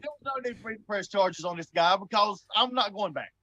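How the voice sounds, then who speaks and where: A forty-something man with a high, tense, bright voice. He is a guest on a live show, spinning a rowdy story in a blunt, swearing, chatty way and laughing often as he goes. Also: brisk, highs cut off, a little hiss or hum. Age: 40s. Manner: animated, laughs often while telling. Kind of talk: casual storytelling.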